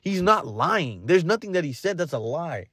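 A man's voice: on the high side, very animated, normal speed, bright, forceful tone, husky, dry recording, studio quality. A man hosting a podcast, giving a blunt, casual motivational monologue full of fillers and restarts. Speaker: podcast host.

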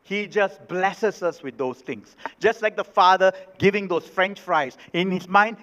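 A man's voice: high voice, unhurried, few pauses, a bit bright. A male pastor preaching a sermon, emphatic and repeating his key phrases. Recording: reverberant hall, dull sound.

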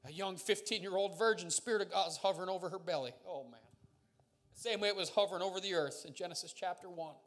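A man's voice: sits high, quick pace, fairly bright tone. A man pastor preaching a sermon, emphatic and building to fervent declarations, with jokes and laughter while he tells stories.

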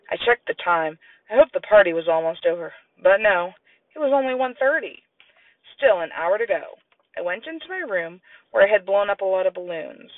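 Lively gravelly storybook narrator, tinny sound. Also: male voice, normal speed, no room sound, distant mic. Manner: lively, plays children's voices in high squeals. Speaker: audiobook narrator. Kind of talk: storybook narration with voiced characters.

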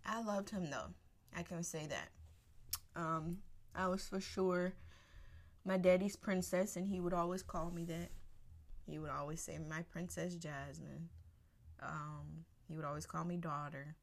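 A woman's voice: fairly low pitch, steady tone, measured pace. A woman hosting a podcast, giving an unscripted personal monologue in casual slang, candid and emphatic with laughter between thoughts.

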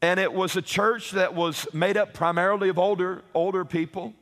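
A man with a very high voice delivers a sermon, repeating his words and rising to shouts to drive home his key points. He asks his listeners "Hello?" to press his points. His voice rings out with a long reverb, as in a large hall. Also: fairly even intonation, normal speed. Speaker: preacher.

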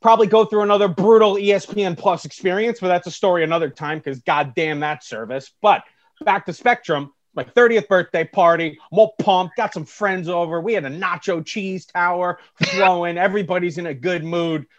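A man's voice: sits high, brisk, dull audio. A man in his thirties co-hosting a podcast, ranting in a blunt, profane, dramatic way. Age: 30s. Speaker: podcast co-host. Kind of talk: casual chat.

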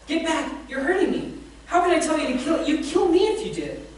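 A woman reading aloud does a cowardly ghost of a man, high-pitched and jumpy, who pleads and dodges every demand. The voice swings up and down in alarm. It is picked up from a distance in a very echoey room. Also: sing-song, a little fast, slight background noise. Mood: pained. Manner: pleading, fretful excuses. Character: fussy cowardly male ghost, anxious and evasive.

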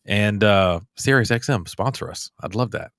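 A man's voice: lowish voice, normal speed, a bit bright, dry recording. A man hosting a podcast, chatting casually, rambling and laughing easily. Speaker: podcast host. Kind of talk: casual chat.

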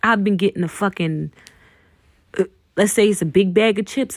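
Gravelly earnest woman podcaster. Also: fairly low pitch, moderate pace, no echo. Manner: earnest, profane, addresses listeners as y'all. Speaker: podcast host. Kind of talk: casual spiritual monologue.

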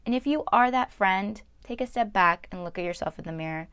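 A woman's voice: lowish voice, expressive, moderate pace, a bit bright, smooth, no room sound, clean studio sound. A young woman talking candidly and earnestly to her viewers in a confessional way, often repeating words for emphasis. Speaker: vlogger. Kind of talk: candid personal talk to camera.

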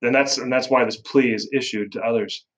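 A man's voice: medium pitch, steady tone, brisk, a bit bright, rough recording. A man hosting a conversation, affirming and earnest, with emphatic repetition. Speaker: host. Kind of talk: conversational interview.

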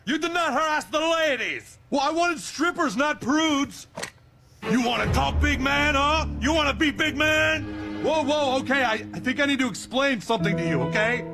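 A man's voice: very high-pitched, lively intonation, moderate pace, gravelly, music in the background, full character voice. An actor playing a brash, threatening cartoon tough guy with a mock Italian-American gangster accent. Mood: aggressive. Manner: shouting, aggressive, broken phrasing. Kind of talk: cartoon voice acting.

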